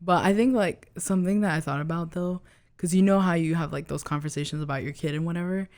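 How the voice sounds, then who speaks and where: A woman's voice: on the low side, steady tone, darkish tone. A young woman co-hosting a podcast in casual chat, drawn out and full of fillers. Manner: chatty, drawn-out, filler-heavy. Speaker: podcast co-host.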